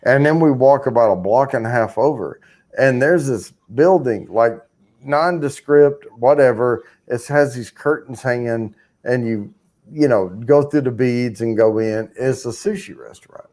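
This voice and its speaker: A man on a live stream telling a casual, animated story, swearing freely and acting out the other people's voices. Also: mid-range voice, unhurried. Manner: animated, profane, acts out voices.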